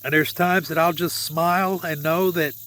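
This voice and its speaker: A man's voice: a little high, steady tone, normal speed, pushed and bright, slight background noise. A man telling a personal faith story in an earnest, heartfelt and emotional way. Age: adult with a young son. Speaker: vlogger sharing a faith testimony.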